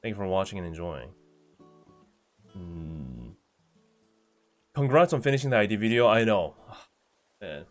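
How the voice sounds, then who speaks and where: Low-voiced man chatting on stream. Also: lively intonation, measured pace, long pauses, soft background music. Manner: chatty, answers viewer messages one by one. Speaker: streamer reading chat. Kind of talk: casual livestream chat.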